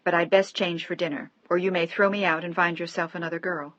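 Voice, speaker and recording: A woman voicing a gentle, anxious young wife who speaks earnestly and pleadingly. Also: fairly low pitch, flat delivery, brisk, no echo, muffled recording. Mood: gentle teasing.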